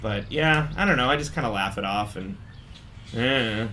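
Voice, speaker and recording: A man's voice: mid-range voice, normal speed, slight background noise. A man, a band singer, telling stories in casual chat and acting out voices along the way. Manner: animated, acts out voices and shouts in stories.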